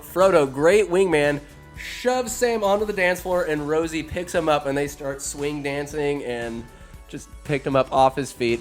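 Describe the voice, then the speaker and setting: A male podcast host retells a film in a crude, rambling, irreverent comedy style. His voice sits a little high for a man, and faint music plays underneath. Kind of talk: comedic movie recap.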